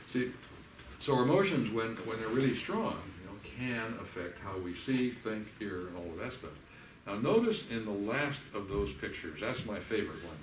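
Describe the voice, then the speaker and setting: In a church hall, an older man with a fairly low voice runs a workshop, teaching in a folksy, lively manner and imitating the people in his stories. The recording is distant and echoey, with faint room ambience and a slight hiss or hum.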